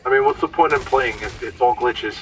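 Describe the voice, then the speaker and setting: A man's voice: medium pitch, brisk, a bit bright, recorded from a distance, a little hiss or hum, rough recording. A man giving casual, explanatory commentary over his gameplay, sometimes stumbling over words.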